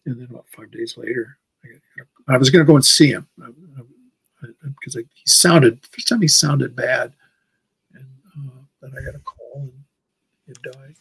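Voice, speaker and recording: Gravelly older man telling stories. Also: medium pitch, moderate pace, no echo, low-quality recording. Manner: rambling, repeats words when recounting. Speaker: comic artist guest. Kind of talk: casual interview storytelling.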